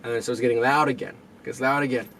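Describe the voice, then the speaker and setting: A man's voice: medium pitch, fairly even intonation, rapid-fire, a bit bright. A young man co-hosting a podcast, telling rambling, profane stories and acting out what people said, recorded on camera audio. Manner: rambling storyteller, swears a lot, acts out quotes. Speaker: podcast co-host. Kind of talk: casual chat.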